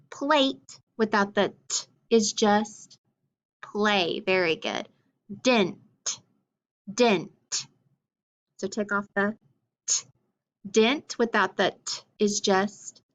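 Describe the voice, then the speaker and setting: A woman's voice: mid-range voice, a bit bright, dull audio. A woman teaching a phonics lesson, carefully sounding out letters and words and praising often. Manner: slow, clearly enunciated letter sounds with frequent praise. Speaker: reading teacher.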